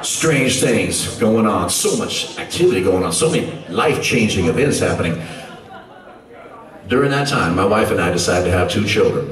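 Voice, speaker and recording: A man on a concert stage tells a long, winding story between songs in a low voice that rises and falls widely. He holds dramatic pauses and teases the audience. His voice carries from a distance through a reverberant club over a loud crowd. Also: expressive. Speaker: rock singer.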